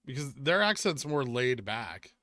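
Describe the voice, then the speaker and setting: A man with a Southern Californian accent reads live-stream chat messages aloud and answers them in a chatty way, saying "like" a lot. His mid-range voice is very animated, unhurried and sharp, recorded dry with clean studio sound.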